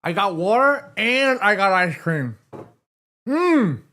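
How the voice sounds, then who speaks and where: Lively, chatty man hosting a stream. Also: high-pitched, slow. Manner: chatty, reads chat messages aloud, eats between lines. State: sore throat. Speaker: livestream host. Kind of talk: casual watchalong chat. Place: home room.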